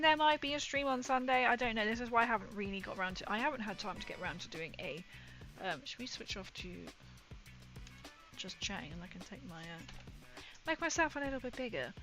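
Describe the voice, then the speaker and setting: A woman's voice: medium pitch, bright, forceful tone. A woman, chatting casually with viewers on her livestream, rambling and laughing often. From England. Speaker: livestream host.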